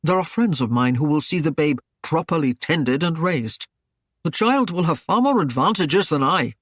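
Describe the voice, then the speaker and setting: Male narrator doing a curt, growling medieval warlord, raised pitch, dry close sound. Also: expressive, normal speed, a bit bright, dry recording. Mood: measured. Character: stern proud male Norman lord, gruff.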